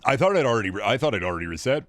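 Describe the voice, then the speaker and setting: Very animated and rapid-fire, a young man with a fairly low, fairly bright voice streams a video game with no room sound. He rambles, swears casually, and chats with viewers as he plays.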